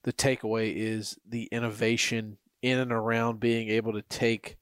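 A man's voice: fairly low pitch, little pitch movement, moderate pace, fairly bright tone, clear, resonant tone, no echo, clean studio sound. A man on a podcast, talking through his thoughts in a casual, considered way.

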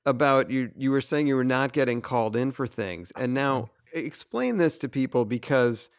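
A man's voice: mid-range voice, animated, normal speed, smooth, dry recording, clean studio sound. A man co-hosting a podcast, joking and laughing easily in casual chat. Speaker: podcast co-host.

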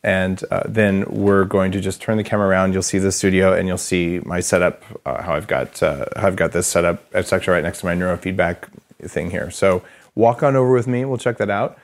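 A male podcast host with a somewhat low voice chats in a loose, casual way, full of fillers and restarts. He sounds keen as he walks through his health gear. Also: fairly quick. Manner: relaxed, filler-heavy, enthusiastic about gadgets. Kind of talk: casual interview and studio walkthrough.

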